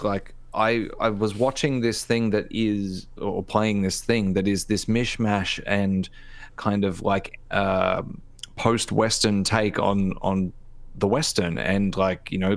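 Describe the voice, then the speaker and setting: A man with a lowish voice talks in a loose, rambling way, stopping and restarting his thoughts as he co-hosts a casual livestream chat. The sound is close and dry, with no room around it. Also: clean tone, dry recording. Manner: rambling, many restarts and fillers. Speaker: podcast co-host.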